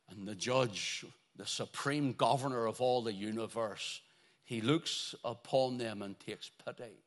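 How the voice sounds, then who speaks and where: A man preaching a sermon, swinging between loud, drawn-out exclamations and hushed, dropping phrases as he stresses key words. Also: medium pitch.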